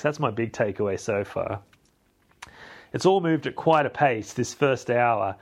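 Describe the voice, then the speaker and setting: A man's voice: mid-range voice, expressive, measured pace. A young man, hosting a podcast and recapping a film in a rambling, self-mocking way. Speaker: podcast host. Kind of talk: casual chat recapping a film.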